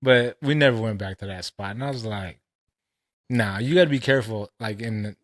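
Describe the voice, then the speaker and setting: Profane, animated podcast co-host man. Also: fairly low pitch, normal speed. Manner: profane, animated storytelling with slang. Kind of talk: casual chat.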